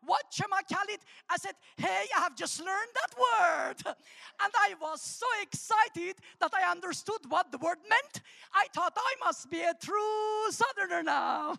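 A woman's voice: very high-pitched, unhurried, creaky. A woman from Armenia, a guest speaker giving a humorous sermon and testimony, calling out to the congregation. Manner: humorous, animated, calls out to the congregation. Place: church. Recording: long church hall reverb.

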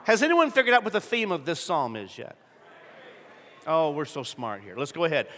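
A middle-aged man preaching to a congregation, telling a story and building to loud emphatic peaks, with frequent throat clearing. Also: on the high side, wildly swooping pitch, moderate pace. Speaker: pastor. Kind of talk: sermon. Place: large church sanctuary. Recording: long reverb of a large hall.

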